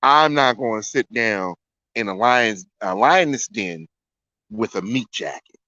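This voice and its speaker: A man's voice: fairly low pitch, animated, measured pace, bright, forceful tone, no echo. A man playing a surprised young man on a date, asking amazed questions. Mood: joking. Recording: dry, dull lo-fi sound.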